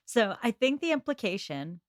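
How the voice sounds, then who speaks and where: A woman's voice: fairly high pitch, very animated, moderate pace, no echo. A woman guest on a podcast, chatting casually with wry, dry asides. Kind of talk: casual chat.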